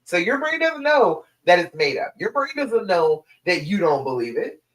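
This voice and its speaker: A woman's voice: lowish voice, big pitch swings, moderate pace. A woman relationship coach giving a direct, emphatic live stream talk to her listeners. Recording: echoey room.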